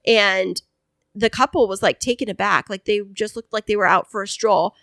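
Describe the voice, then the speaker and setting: A woman's voice: mid-range voice, normal speed, fairly bright tone, no room sound, clean studio sound. A woman co-hosting a podcast, telling a story in a casual chat and acting out the voices of the people in it. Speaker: podcast co-host.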